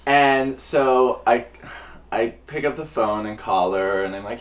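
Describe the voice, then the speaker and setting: A young man and drag performer telling a personal story to camera in a casual, animated way, acting out the voices of others with big jumps in pitch. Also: normal speed. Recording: voice a little distant from the mic.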